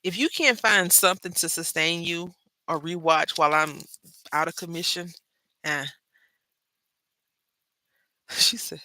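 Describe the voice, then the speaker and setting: A woman hosting a craft channel, chatting with viewers while she makes a card, calling them "y'all" and jumping between loud remarks and hushed asides. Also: on the low side, measured pace, long pauses, dry recording. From Brazil. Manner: chatty, talks straight to viewers, lots of "y'all". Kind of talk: casual chat while crafting live.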